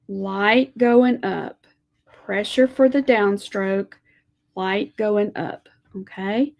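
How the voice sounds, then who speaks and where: A woman teaching a live lettering lesson, talking gently to viewers as she draws and reads scripture. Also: medium pitch, gravelly, lo-fi sound. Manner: slow, gentle, talks to viewers while drawing.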